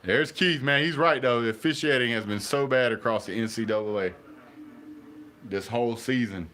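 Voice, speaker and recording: A man, reacting live to a football game as a fan channel host, chatty and excitable with a drawl. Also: mid-range voice, normal speed.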